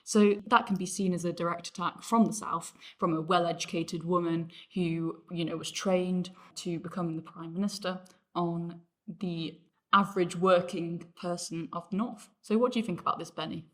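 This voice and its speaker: A young woman from the North of England with a low voice hosts a casual discussion. She talks earnestly and steadily, with frequent fillers. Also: fairly even intonation, normal speed. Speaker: host.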